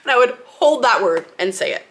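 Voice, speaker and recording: A young woman speaks to camera in a bright, ringing voice, her tone crisp and forward. She tells her story casually and candidly, laughing often and acting out what people said along the way. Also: fairly high pitch, brisk. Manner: chatty and candid, laughing often, with lively acted-out quotes. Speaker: lifestyle vlogger.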